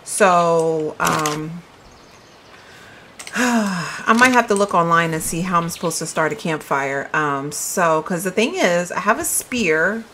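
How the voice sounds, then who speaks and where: A woman's voice: on the low side, lively intonation, slow, bright, forceful tone, slight background noise, low-quality recording. Chatty woman thinking aloud over gameplay. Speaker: gaming video creator. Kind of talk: casual let's-play commentary.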